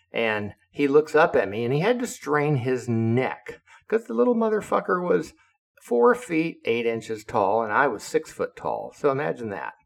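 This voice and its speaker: Gravelly older man telling profane navy stories. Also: lowish voice. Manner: blunt, profane storytelling. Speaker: retired naval officer. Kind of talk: casual spoken anecdote.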